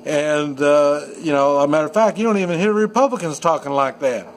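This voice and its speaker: A man's voice: a little high, a little fast, low-quality recording. A man giving an unscripted opinion monologue, rambling with many restarts and fillers as he talks. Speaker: video commentator. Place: at home in the countryside.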